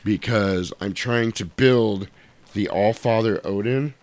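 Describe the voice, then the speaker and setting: A man's voice: fairly low pitch, measured pace, no room sound. A man co-hosting a casual podcast, telling stories with lots of swearing and acting out other people's lines. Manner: animated storyteller, swears a lot, acts out lines. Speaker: podcast co-host. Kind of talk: casual chat.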